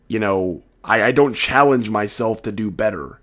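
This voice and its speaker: A man's voice: mid-range voice, moderate pace, few pauses, a bit bright. A teenage boy talking casually to his viewers late at night, rambling and frank, swearing now and then, a bit tired. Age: teens. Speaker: video creator. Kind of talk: casual solo commentary.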